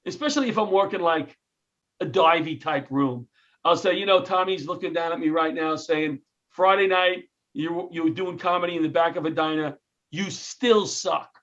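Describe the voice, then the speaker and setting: In a storytelling interview, this guest, a comedian and retired firefighter from New York in middle age, jokes animatedly and acts out quotes at a moderate pace. The audio is somewhat dull and lo-fi, and his male voice is on the high side.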